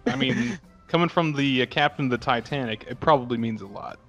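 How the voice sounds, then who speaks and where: A man co-hosting a casual movie podcast, laid-back and joking, with some swearing. He speaks at a middle pitch. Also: fairly quick, fairly bright tone, highs cut off, soft background music. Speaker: podcast co-host. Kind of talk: casual movie chat over beer.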